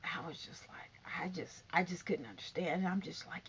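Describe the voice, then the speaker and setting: A woman's voice: lowish voice, lively intonation, normal speed, few pauses, a bit bright, in a whisper. Sassy woman vlogger, lo-fi recording. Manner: sassy, calls listeners honey and baby. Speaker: vlogger commenting on reality TV. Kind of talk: casual commentary. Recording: dull lo-fi recording with faint noise.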